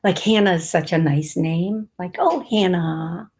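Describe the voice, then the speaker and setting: A woman's voice: on the low side, normal speed, darkish tone. A woman hosting a live psychic reading, rambling and playful, laughing often and spelling out names as she goes. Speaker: psychic medium host.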